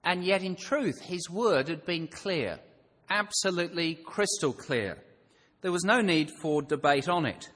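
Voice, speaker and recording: A man's voice: on the high side, animated, measured pace, a bit bright. Man preaching in a reverberant hall. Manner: conversational, thinking aloud with rhetorical questions. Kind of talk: sermon.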